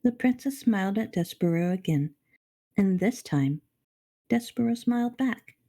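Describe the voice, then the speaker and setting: Expressive woman reading a children's book. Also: mid-range voice, unhurried. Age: middle-aged. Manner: expressive, addresses the reader directly, self-deprecating asides. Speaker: storybook reader on a charity stream. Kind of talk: reading a children's novel aloud.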